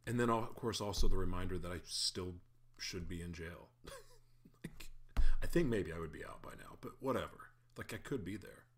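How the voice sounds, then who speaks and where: A man's voice: low-pitched, moderate pace. A man in a casual spoken faith reflection, candid and self-deprecating, who chuckles often and stumbles over his words.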